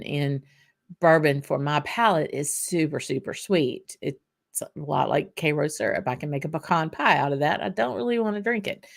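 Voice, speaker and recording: A woman's voice: deep voice, vocal fry. A woman with a Southern US accent hosting a casual whisky livestream, chatting loosely with lots of ums and laughs as she answers viewer comments.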